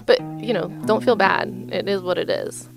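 A woman's voice: medium pitch, steady tone, normal speed, gravelly, over music. A woman and mother of two, talking casually and chattily in a group conversation.

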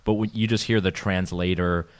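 A man's voice: low voice, steady tone, moderate pace. A man co-hosting a podcast, talking casually with lots of fillers and restarts and laughing often. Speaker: podcast co-host. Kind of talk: casual conversation. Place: Vienna, Austria.

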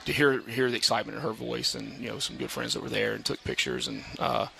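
Man, football coach, very gravelly, bright halting voice, on air from a patio. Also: mid-range voice, a little hiss or hum. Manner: halting, many fillers and restarts, animated when telling stories. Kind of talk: casual radio interview. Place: outdoor brewery patio at a live radio show.

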